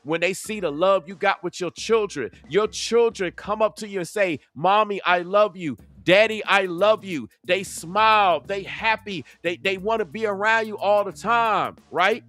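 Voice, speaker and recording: Man, high-pitched commentary host, preachy and sing-song, dry close sound. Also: normal speed, few pauses, a bit bright, dry recording. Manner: preachy and emphatic, drawing out words in a sing-song way. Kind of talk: livestream commentary monologue.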